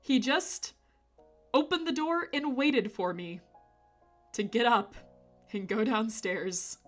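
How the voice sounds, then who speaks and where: A woman's voice: fairly high pitch, slow, faint music behind. A woman streamer chatting casually with her live chat, playful and rambling, laughing often between remarks.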